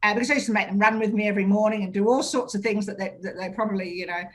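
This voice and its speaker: Australian woman, radio host, middle pitch, chatty and frank storyteller. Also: steady tone, racing. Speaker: radio talk show host. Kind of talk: casual radio interview.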